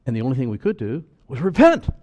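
Male preacher, earnest sermon delivery, slows words for weight, erupts into loud urgent cries. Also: mid-range voice, huge pitch swings.

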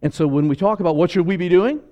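A man preaching a sermon as pastor, animated and acting out voices, moving between loud and soft. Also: sits high, fast.

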